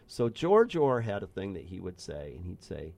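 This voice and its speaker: A middle-aged man with a lowish voice hosts a relaxed conversation. He tells long, loose anecdotes and circles back on his own phrases as he goes. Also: moderate pace, gravelly. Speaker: podcast host and former bike racer. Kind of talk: casual conversational storytelling.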